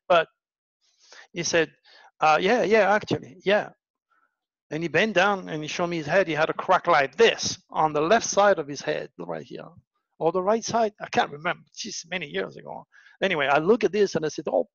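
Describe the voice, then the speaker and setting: A man's voice: vocal fry, dry recording. A man, an astrologer, telling stories in a casual monologue, acting out the voices of the people in them. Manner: animated, acts out quoted voices with big pitch jumps. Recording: dull lo-fi dry recording.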